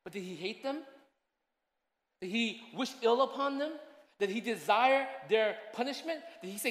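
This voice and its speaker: A man in his thirties preaching a sermon, swinging between loud urgent pleading and soft, chatty asides. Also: very high-pitched, lively intonation, moderate pace. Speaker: pastor. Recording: echoey hall.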